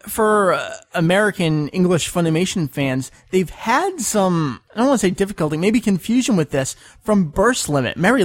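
Man, podcast host, casual chat, patient explainer, slightly high voice, dry sound. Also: no room sound. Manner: explanatory, patient, spells things out.

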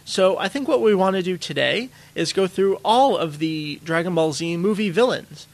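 Guy co-hosting a podcast, kinda raspy fry in his voice, easygoing and steering the chat. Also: sits high. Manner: relaxed, quick to laugh, steers the topic. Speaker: podcast co-host. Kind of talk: casual chat.

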